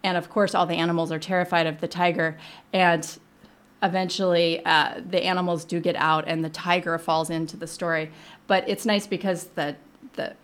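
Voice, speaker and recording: Soft-voiced woman children's librarian. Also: lowish voice. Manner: gentle, explanatory, frequent ums. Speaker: children's librarian, radio guest. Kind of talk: casual radio interview, reading aloud.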